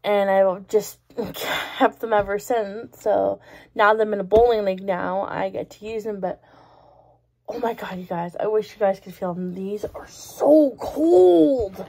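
Woman, 20s, warm and giggly casual vlogger. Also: medium pitch, flat delivery, normal speed. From Canada. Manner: giggly, rambling, exclaims often. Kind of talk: casual chatty vlog.

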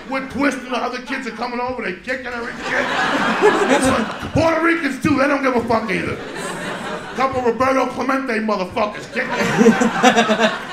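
A stand-up comedian from New Jersey, gravelly and fairly high-voiced, rattles off a profane story at rapid fire, often breaking into shouts. He is on a comedy stage in a roomy venue before a live audience whose loud laughter rolls under him, amid heavy background noise.

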